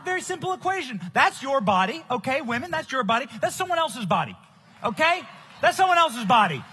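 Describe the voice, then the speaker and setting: A young man giving a loud, emphatic political rally speech at a conference. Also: extremely high pitch, slight background noise. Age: young adult. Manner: loud, shouting, emphatic delivery. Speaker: conference speaker. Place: conference stage.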